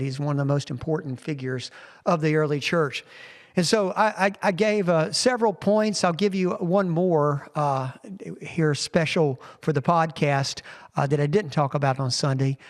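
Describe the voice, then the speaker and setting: A pastor retells scripture conversationally for a podcast, his voice sitting a little higher than most men's. A long reverberant tail hangs after each phrase, as in a large room. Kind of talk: podcast recap of a sermon.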